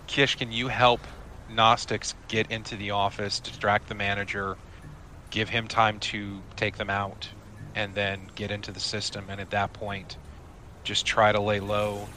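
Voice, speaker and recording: A man's voice: lowish voice, level tone, measured pace, bright, forceful tone, a little hiss or hum. A man running a tabletop game, laying out plans in a directive way with frequent restarts. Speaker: game master. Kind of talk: tabletop role-play chat.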